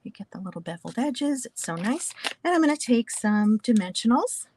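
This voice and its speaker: A woman's voice: fairly high pitch, big pitch swings, a little fast, a little mellow, a little hiss or hum. A woman from New Jersey teaching a casual card-making class, chatty and talking through each step with small asides. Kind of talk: casual craft tutorial.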